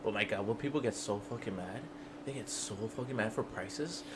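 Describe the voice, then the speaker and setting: A man's voice: on the low side, fairly quick, noisy background. A man on a podcast as a guest, telling a casual, profane work story that keeps breaking into laughter. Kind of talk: casual chat.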